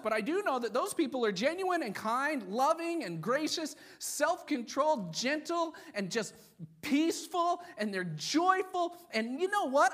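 A man voicing a chatty male churchgoer in a put-on, half Irish accent, high and loud. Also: full character voice.

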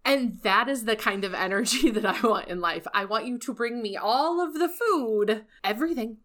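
A woman co-hosting a podcast in casual chat, animated and laughing often, with lots of "like". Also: mid-range voice, moderate pace, few pauses. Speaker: podcast co-host.

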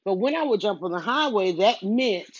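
A woman's voice: medium pitch, lively intonation, normal speed, breathy edge, no room sound. A chatty middle-aged woman tells a winding story while moving around her home. She keeps cutting herself off and acts out her own thoughts. Her headset mic sounds close, dry and a little muffled. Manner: chatty, self-interrupting, storytelling with quoted self-talk. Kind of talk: casual rambling vlog while doing chores. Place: at home, moving between rooms.

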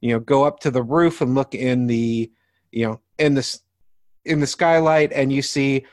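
A man's voice: mid-range voice, normal speed, no echo, studio quality. A man who runs tabletop games, chatting casually on a podcast and explaining his approach with examples. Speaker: game master.

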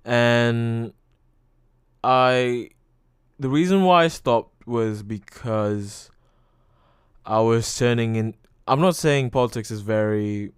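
Rambling, swearing man with a smooth voice. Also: mid-range voice, slow, no echo, clean studio sound. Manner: rambling, full of "like" and frequent swearing. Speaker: podcast host. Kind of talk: casual solo podcast monologue.

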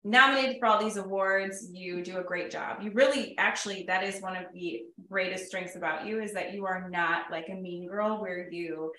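A woman's voice: mid-range voice, steady tone, pushed and bright. Chatty woman in an echoey room. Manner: chatty, supportive, quick reactions. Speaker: podcast co-host, interviewer. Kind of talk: casual interview chat.

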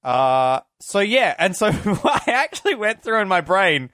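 A man co-hosting a film podcast, excitable and chatty, thinking aloud and laughing often. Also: sits high, unhurried, no echo, studio quality. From Australia. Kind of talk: casual chat.

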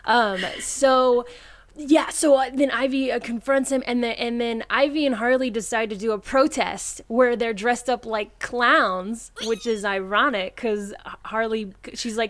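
A woman's voice: fairly high pitch, fairly even intonation, measured pace. Enthusiastic woman retelling a story. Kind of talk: casual chat.

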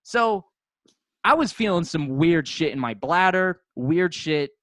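A man's voice: a little high, animated, measured pace, fairly bright tone, no room sound, clean studio sound. A man co-hosting a casual podcast, telling a rambling story full of profanity. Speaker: podcast co-host.

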